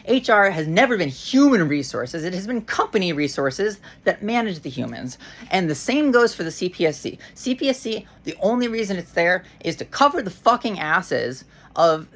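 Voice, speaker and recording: A woman's voice: lowish voice, very animated, moderate pace. A woman ranting to camera in a casual vlog, heated and frustrated, swearing often and restarting her sentences. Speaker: vlogger.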